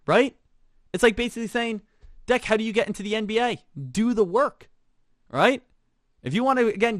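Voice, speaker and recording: Close-miked with no room sound, a man whose voice sits high and bright teaches trading with lively energy. He keeps tossing out "right?" and saying "again", and now and then mimics pretend students in fast, put-on voices.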